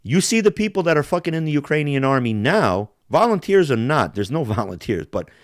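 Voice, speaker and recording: A man tears through a casual podcast rant, heated and profane, breaking into mimicked accents along the way. His pitch swoops up and down with lively energy. The sound is dry and close, with no room around it. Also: fairly quick, no echo. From Balkans. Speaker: podcast host.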